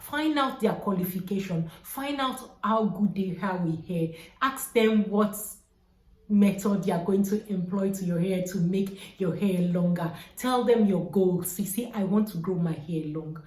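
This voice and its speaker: A woman's voice: medium pitch, unhurried, a little mellow, roomy sound, rough recording. A woman giving earnest hair-care advice in a vlog, repeating her key points with urging emphasis.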